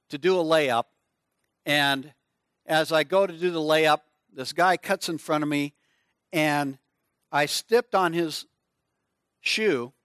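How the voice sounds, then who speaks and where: High, bright-voiced storytelling preacher man. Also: smooth, no echo, studio quality. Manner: animated storyteller, acts out screams and voices. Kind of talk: storytelling sermon.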